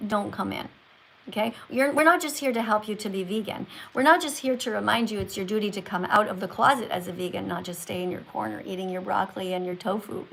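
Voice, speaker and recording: A woman's voice: a little high, gravelly, fairly bright tone, poor audio. Preachy scolding woman streamer. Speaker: livestream host. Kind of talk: livestream lecture with callers.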